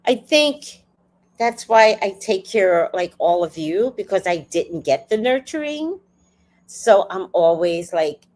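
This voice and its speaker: A woman's voice: on the low side, darkish tone. A woman in her fifties hosting a livestream, telling a family story in casual chat. She acts out the people she quotes, laughs often and swears freely. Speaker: livestream host.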